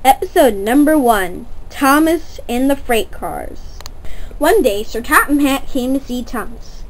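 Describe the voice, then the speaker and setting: A woman's voice: high-pitched, animated, unhurried, rough recording. A woman narrating a toy-train story for children, stopping to quiz young listeners.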